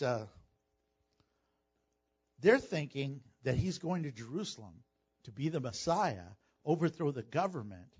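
A man preaching a sermon as pastor, animated and jokey, acting out the voices of people in the story. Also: mid-range voice, breathy edge, lo-fi sound.

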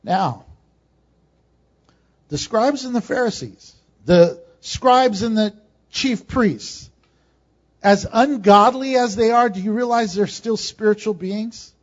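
Lively high-voiced preaching man. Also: slow, long pauses. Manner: lively preaching, rising to emphatic peaks and dropping to quiet asides. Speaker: pastor. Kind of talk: sermon. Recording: dull lo-fi sound.

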